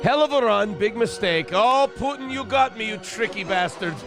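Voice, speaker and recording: A man's voice: high-pitched, expressive, moderate pace, over music, pitched above the performer's own voice. Man doing a cocky Russian warlord. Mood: resigned. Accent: put-on Russian accent in broken English. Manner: cocky, broken-English bluster. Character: boastful Russian mercenary boss flying to doom, male.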